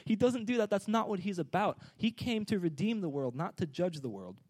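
A man preaching a sermon, energetic and joking, urging the congregation to answer back. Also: high voice, fairly quick, husky.

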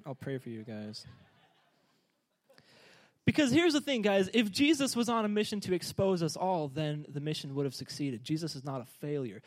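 Preacher: a man with a high voice, lively and joking, pushing the room to respond. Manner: energetic, joking, urging the congregation to respond. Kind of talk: sermon.

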